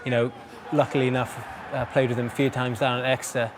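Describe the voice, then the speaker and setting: Male pundit, halting speech, faint noise behind. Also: mid-range voice, level tone. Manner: halting, many fillers and restarts. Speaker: studio pundit. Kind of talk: casual sports chat.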